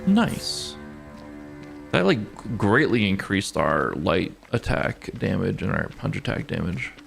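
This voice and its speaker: A man giving relaxed, casual commentary while livestreaming a game, thinking aloud and laughing easily. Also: lowish voice, slow, gravelly, soft background music. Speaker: gaming streamer. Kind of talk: casual live gameplay commentary.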